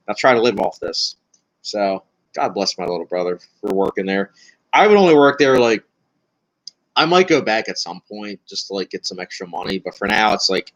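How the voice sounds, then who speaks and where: A man's voice: on the low side, fairly bright tone, rough recording. A young man answering viewer questions in a casual livestream, rambling and chatty with many fillers and a nervous, self-described anxious manner. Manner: rambling, chatty, frequent fillers, laughs often.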